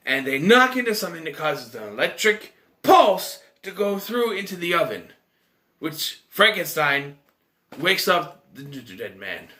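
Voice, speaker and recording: Very animated but a little slow, a young man reviews a movie casually, with wide pitch swoops and a bright, keyed-up tone. He rambles, restarts many times, and asks incredulous rhetorical questions.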